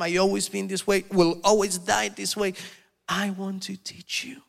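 A man preaching a sermon as pastor, animated and telling stories, often acting out the voices of people he quotes. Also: sits high, moderate pace, gravelly. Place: church hall. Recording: long reverb of a hall.

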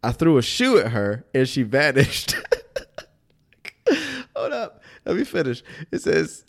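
A man's voice: mid-range voice, huge pitch swings, slow pace, breathy edge. A man co-hosting a casual faith podcast, a little stuffy from a sinus problem, chuckling as he talks. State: a bit stuffy from sinus trouble. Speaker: podcast co-host.

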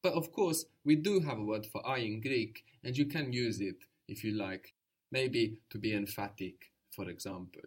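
A man teaching a spoken language lesson, patient and encouraging, explaining slowly and repeating words. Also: fairly low pitch, husky.

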